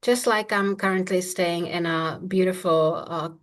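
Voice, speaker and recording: A woman with a fairly low, steady voice speaks unhurriedly as a manifestation coach in a casual coaching chat. She comes across as confident, playful and assured, and she laughs often.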